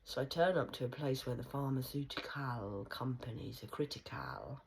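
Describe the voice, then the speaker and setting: A woman rambling through a stream-of-consciousness monologue, punning and swearing, swinging between hushed whispers and loud outbursts. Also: extremely low pitch, big pitch swings, normal speed, creaky, poor audio. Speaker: vlogger.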